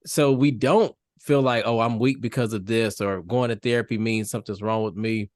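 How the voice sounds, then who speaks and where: A man speaking as a therapist on a panel, measured and reflective. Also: on the low side, steady tone, no room sound, studio quality. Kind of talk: panel discussion.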